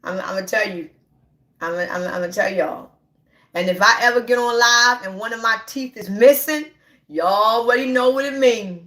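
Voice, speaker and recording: A woman's voice: on the high side, moderate pace, sharp tone, reverberant. A woman hosting a casual livestream, talking straight to her viewers in a brash, profane and repetitive way, laughing often. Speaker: livestream host.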